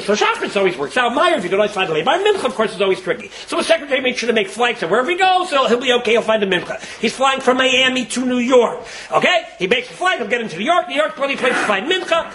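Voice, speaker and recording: A fast-talking man preaching to a group, his voice high and bright. He acts out characters as he goes, and a faint hiss sits under the recording. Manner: acts out characters with big swings in pitch and loudness. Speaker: religious speaker. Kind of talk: lively sermon-style talk to a live group.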